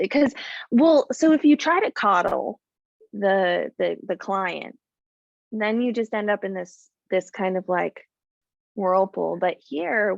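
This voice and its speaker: A woman's voice: medium pitch, gravelly, dry recording, dull audio. A woman teaching a live coding class, thinking aloud with many fillers and talking bluntly about clients. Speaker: coding bootcamp instructor.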